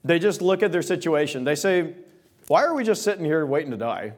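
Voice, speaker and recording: A man preaching a sermon, retelling scripture passages in casual modern words and reading the old verses slowly. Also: a little high, big pitch swings. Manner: reads King James verses slowly and solemnly. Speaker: pastor.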